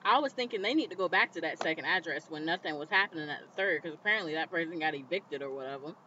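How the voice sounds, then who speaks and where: A woman vlogger recapping a TV episode in casual commentary, animated and indignant, talking straight to the viewer. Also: sits low, fast talker, a little hiss or hum. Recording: slightly dull lo-fi recording.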